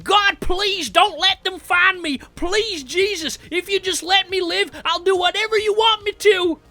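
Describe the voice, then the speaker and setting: A man's voice: very high-pitched, measured pace, bright, forceful tone, faint music behind, voice pushed up, full character voice. A man voicing a terrified man running through the woods and praying breathlessly for his life. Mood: terrified pleading. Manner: frantic, pleading, breathless.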